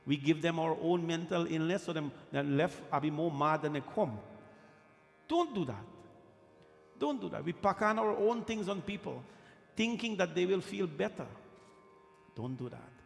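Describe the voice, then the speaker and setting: A man's voice: on the high side, moderate pace, vocal fry. A man preaching a devotional sermon in a temple, repeating phrases for emphasis. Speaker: pandit leading a katha. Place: temple hall. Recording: long reverb of a hall, with music.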